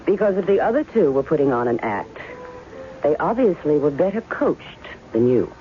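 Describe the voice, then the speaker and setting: A woman's voice: low voice, sing-song, normal speed. An actress playing a cool, skeptical estranged wife in an old radio drama, cutting and probing as she questions a man. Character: sharp, skeptical woman guarding her heart. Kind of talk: 1970s radio drama acting. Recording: tinny narrow-band old radio with music.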